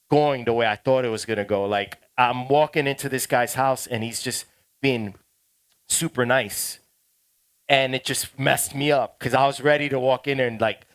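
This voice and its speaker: A middle-aged man tells a story to a DJ workshop class, loose and slangy. His voice sits mid-range. He grows loud and animated as he goes. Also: medium pitch, clean tone. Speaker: DJ teaching a workshop.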